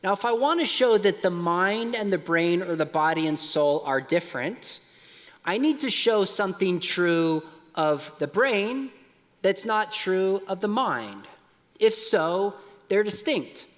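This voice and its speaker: A middle-aged man giving a lively talk at a youth conference, dropping soft and low at emotional points. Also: unhurried, big-room sound. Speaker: conference speaker. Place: large conference hall.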